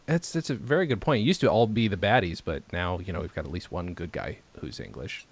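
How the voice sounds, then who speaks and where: A man's voice: sits low, lively intonation, fairly quick, no room sound. A man hosting a podcast, chatting eagerly, laughing often and adding enthusiastic asides. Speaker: podcast host. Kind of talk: casual chat.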